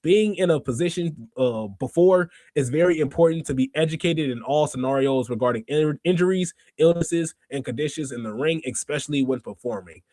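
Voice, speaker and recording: A young man hosts a wrestling podcast live, and his voice sits a bit high for a man. He rants in an animated, heated way and breaks into frequent laughs. The sound is close and dry, with no room echo. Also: fairly quick, few pauses. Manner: animated, ranting, laughs often. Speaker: podcast host. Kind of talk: casual livestream commentary.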